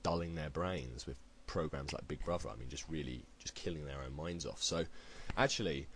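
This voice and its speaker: A man's voice: rumbling low, moderate pace, a bit bright, a little hiss or hum, rough recording. A British man delivering a heated, blunt opinion rant to camera, swearing freely. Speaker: video blogger. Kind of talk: ranting opinion commentary.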